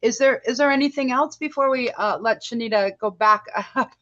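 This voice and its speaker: A woman's voice: a little high, normal speed, pushed and bright. Woman host, slightly dull call audio. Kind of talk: closing a webinar. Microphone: video call.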